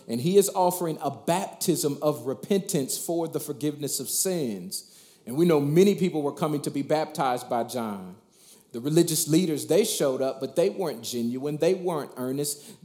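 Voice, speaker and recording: A man's voice: medium pitch, a little mellow, echoey room. A man preaching a sermon as pastor, emphatic, asking rhetorical questions and often repeating words as he builds.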